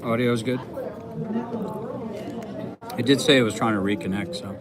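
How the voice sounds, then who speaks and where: A man's voice: mid-range voice, normal speed, crowd noise. A man on a live stream, chatting casually with viewers while he eats. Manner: relaxed, talking while eating. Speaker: streamer eating on camera.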